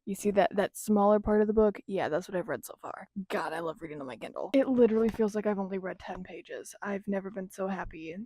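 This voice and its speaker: A woman's voice: mid-range voice, fast talker, few pauses, mellow, no room sound. A young woman in a casual reading vlog, chatting with a gushing, filler-heavy manner about the book she is reading. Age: young adult. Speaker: book vlogger.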